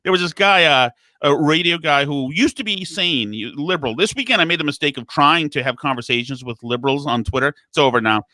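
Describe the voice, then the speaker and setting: A man's voice: a little high, fairly quick, hardly any pauses, bright, forceful tone, no echo. A male radio co-host telling stories in a sarcastic tone on a talk show. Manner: sarcastic storytelling.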